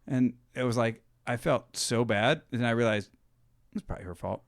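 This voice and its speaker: A man's voice: medium pitch, fairly quick, gravelly, no room sound, studio quality. A young adult man co-hosting a podcast, telling loose, rambling stories full of "like" and "dude". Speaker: podcast co-host. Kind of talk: casual chat.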